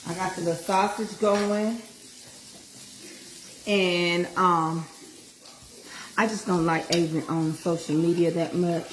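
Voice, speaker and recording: A middle-aged woman vlogger speaks slowly with a fairly low, fairly even voice, pausing often, with a little hiss or hum. She chats casually in a livestream while cooking in her home kitchen, folksy and motivational. The echoey kitchen carries a frying sizzle.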